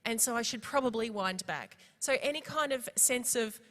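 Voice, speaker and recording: Aussie woman being honest on a church panel, bit high voiced, echoey hall. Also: a little fast, a bit bright. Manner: candid, self-reflective. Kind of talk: panel discussion.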